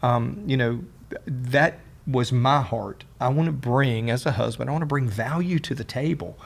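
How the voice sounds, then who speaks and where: A middle-aged man co-hosting a casual talk on marriage, earnest and often halting over repeated words. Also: medium pitch, vocal fry. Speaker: podcast co-host, husband. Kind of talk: casual conversation about marriage.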